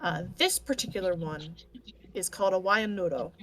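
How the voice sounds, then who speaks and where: A woman's voice: lowish voice, expressive, moderate pace, fairly bright tone. A woman narrating as game master in a tabletop game, hesitant and full of restarts.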